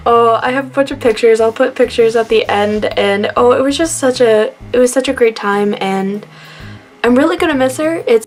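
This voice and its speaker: Young woman, slightly high voice, emotional and rambling, soft music under. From Canada. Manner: rambling, laughing through sadness, many fillers. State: emotional, near tears. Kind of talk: tearful tribute vlog.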